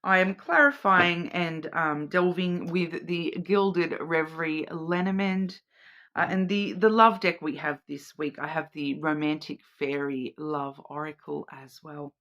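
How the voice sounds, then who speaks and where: On a muffled recording, a woman with a low-pitched, fairly bright voice talks a little slowly with fairly even intonation. She hosts a weekly oracle card reading, thinking aloud and repeating words in search of meaning while checking in with the listener: "okay?"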